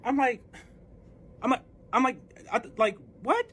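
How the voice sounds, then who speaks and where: A man's voice: very high voice, lively intonation, measured pace, fairly bright tone, breathy edge. A man telling a personal story in a casual storytime, swearing freely, packing in filler words and acting out both sides of the dialogue. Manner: profane, with heavy filler words.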